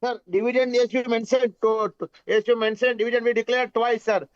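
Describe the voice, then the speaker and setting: A man's voice: very high-pitched, fairly even intonation, fairly quick. An Indian man speaking as a shareholder over a video call, deferential, calling everyone "sir" and slipping into Hindi. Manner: deferential, says "sir" constantly, mixes in Hindi. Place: Mumbai. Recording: dull lo-fi call audio.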